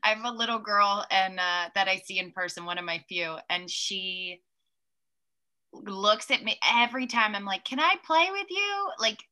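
A young woman hosting a casual interview chat, easygoing and quick to laugh. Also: mid-range voice, steady tone, bright, forceful tone, clear, resonant tone. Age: young adult. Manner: easygoing, chatty, laughs readily. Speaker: host.

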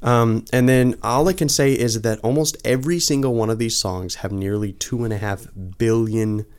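A man's voice: medium pitch, normal speed, darkish tone, smooth. A young man co-hosting a podcast, chatting casually and rambling with lots of ums and restarts. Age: young adult. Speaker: podcast co-host. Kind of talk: casual chat.

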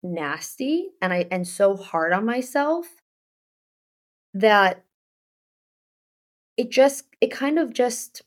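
A woman's voice: a little high, expressive, slow, pauses often. A woman co-hosting a casual chat podcast, telling a long story with many restarts and filler words. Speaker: podcast co-host.

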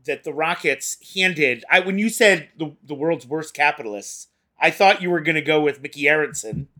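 A man's voice: fairly high pitch, expressive, moderate pace, sharp tone. A man co-hosting a casual sports podcast, rambling with many hesitations. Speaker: podcast co-host.

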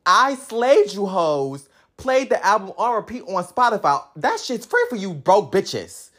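A woman's voice: mid-range voice, big pitch swings, measured pace, fairly bright tone. Sassy woman on a profane comic rant. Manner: sassy, combative, profane bragging. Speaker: comedic ranting fan. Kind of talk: comedic rant to camera.

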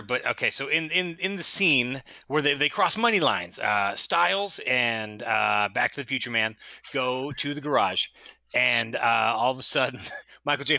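A man co-hosting a casual movie podcast, retelling a scene in an animated, rambling way and laughing as he goes. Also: medium pitch, gravelly, dry recording. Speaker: podcast co-host. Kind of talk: casual chat.

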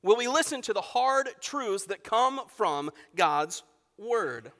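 A man in his thirties preaching a sermon as pastor, emphatic, with sharp swings from loud to hushed. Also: sits high, sing-song, slow pace. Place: church sanctuary. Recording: long reverb of a church hall.

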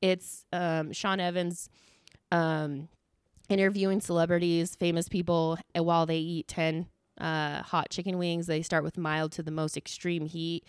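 Animated American woman, dry close mic. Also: lowish voice, measured pace, clean tone, dry recording. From United States. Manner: animated storytelling, laughs at herself, swears casually. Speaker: podcast host. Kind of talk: casual solo podcast chat.

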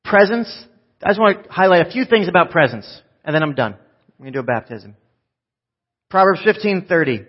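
A pastor preaches a live sermon to his congregation, joking and swinging from loud bursts to soft, low asides. His voice is expressive with a breathy edge, he talks a little fast, and the sound is lo-fi.

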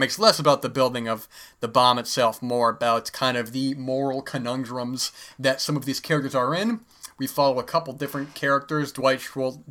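A man's voice: medium pitch, sharp tone, clean tone. A man hosting a solo podcast, talking casually and rambling with many fillers, his throat a little dry. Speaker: podcast host.

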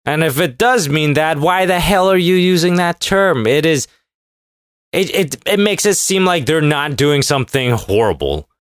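A man's voice: on the high side, expressive, normal speed, no echo. Sarcastic man ranting in a dry room. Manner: sarcastic and profane, mocking voices mid-rant. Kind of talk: casual comedic rant.

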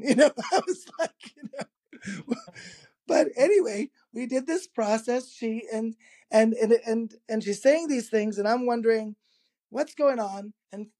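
A man, a guest in an interview, telling a personal anecdote in a lively, casual way, laughing often and acting out the quoted dialogue. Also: very high voice. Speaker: interview guest, energy healer.

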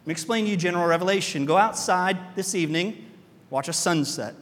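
A man pastor preaching a sermon in a church, animated, asking his congregation rhetorical questions. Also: high voice, fast talker, long reverb tail.

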